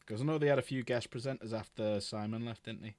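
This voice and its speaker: Fast chatty british guy, swears casually, dry sound. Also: mid-range voice, a little mellow, no echo. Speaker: co-host. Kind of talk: casual chat.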